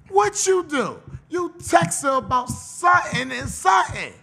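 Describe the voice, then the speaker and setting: A man's voice: extremely high pitch, sing-song, unhurried, creaky, few pauses, sharp tone. A man hosting a podcast, delivering a profane, mocking comedic rant. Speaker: podcast host.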